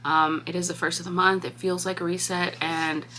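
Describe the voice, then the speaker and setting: A young woman vlogging casually about a book she is reading, talking in an animated way, laughing often and swearing freely. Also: lowish voice, normal speed, slight background noise. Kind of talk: casual vlog chat.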